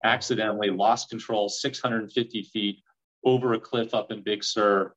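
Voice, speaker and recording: Male guest in his 40s, low-pitched, animated storyteller, muffled lo-fi recording. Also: moderate pace. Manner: animated storyteller acting out quoted dialogue. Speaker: real estate investor guest. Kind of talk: storytelling in a podcast interview.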